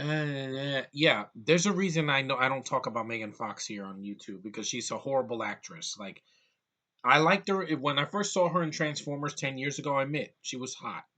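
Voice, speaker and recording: A man's voice: medium pitch, bright, forceful tone. A man giving a blunt, exasperated movie review at home, swearing casually and piling on complaints.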